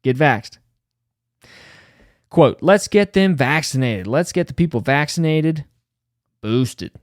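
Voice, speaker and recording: A man's voice: a little high, animated, slow pace, no room sound, studio quality. A man hosting a podcast, reading a news article aloud and breaking in with sarcastic, mocking asides. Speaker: podcast host.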